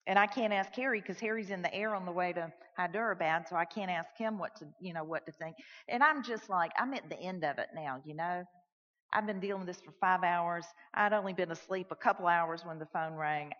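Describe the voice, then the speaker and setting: A woman telling a personal story in a sermon, animated and swinging from loud to hushed. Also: lowish voice, a little fast. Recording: echoey hall, dull lo-fi sound.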